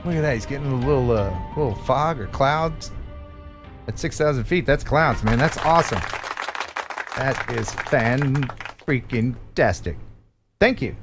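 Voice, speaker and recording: Male stream host, upbeat and jokey, lively pitch that swings a lot, soft music under him. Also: fairly quick, a crowd in the background. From United States. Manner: jokey, laughs often, animated. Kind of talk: casual live-stream chat.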